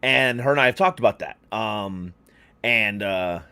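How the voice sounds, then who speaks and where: A man with a fairly low voice co-hosts a relaxed podcast. He talks openly, pausing on ums and restarting his sentences. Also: clean tone. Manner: candid, filler-heavy talk with frequent ums. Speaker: podcast co-host. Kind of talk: casual podcast chat.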